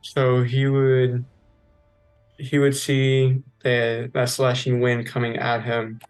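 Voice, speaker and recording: A man playing in a tabletop game, describing his character's moves step by step in an even tone. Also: mid-range voice, slow, clean tone, soft background music, rough recording. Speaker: player.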